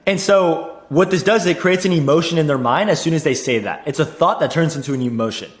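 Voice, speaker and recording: A young man coaching on sales in a casual teaching monologue, energetic, repeating himself and saying "like" and "dude" a lot. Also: a little high, fast talker, echoey room. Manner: energetic, repeats words, says "dude" and "like" often.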